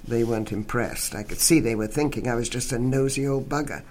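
Man reading a story, even and wry. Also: medium pitch, creaky, slight background noise.

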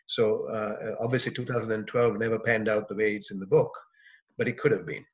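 Man, author reading his novel, measured expressive delivery, dull lo-fi recording. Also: on the low side. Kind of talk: reading aloud a first-person novel.

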